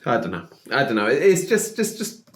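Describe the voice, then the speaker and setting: A man reacting casually to an old interview, rambling and animated, often saying like and man. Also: medium pitch, fairly quick, echoey room, background noise. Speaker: reaction video host.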